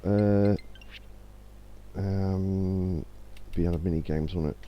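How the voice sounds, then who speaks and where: A man's voice: low voice, steady tone, very slow, highs cut off, a little hiss or hum. A man chatting casually while streaming a video game, reading out chat messages and joking at his own expense. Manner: chatty, self-deprecating, reads chat aloud. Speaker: gaming streamer. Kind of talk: casual let's play commentary.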